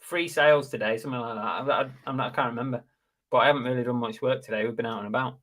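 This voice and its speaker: A middle-aged man co-hosting a casual live chat about reselling, jokey and quick to laugh. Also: mid-range voice, steady tone, fairly bright tone. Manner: jokey, laughs often, tries silly accents.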